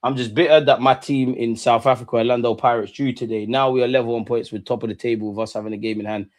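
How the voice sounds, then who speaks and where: An excitable young man hosts a live football watch-along. He banters with his viewers in street slang, swears freely and laughs between remarks. His voice sits at an ordinary middle pitch for a man. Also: fast talker.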